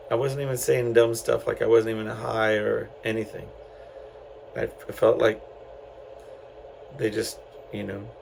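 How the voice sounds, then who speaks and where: A man's voice: fairly low pitch, vocal fry, a little mellow, a little hiss or hum, low-quality recording. A middle-aged man from San Antonio, hosting a podcast and telling a story in a loose, rambling way full of fillers and restarts. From San Antonio, Texas. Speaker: podcast host. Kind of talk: casual solo storytelling.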